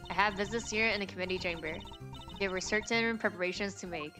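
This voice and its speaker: A woman's voice: medium pitch, fast talker, close to an everyday voice. A woman reading out a smug female committee member under suspicion, with a haughty, self-assured delivery, over background music.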